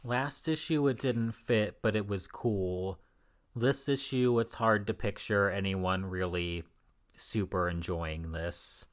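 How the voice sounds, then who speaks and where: A podcast co-host with a lowish voice speaks slowly while casually recapping an old comic book. His commentary is dry, sarcastic, and profane.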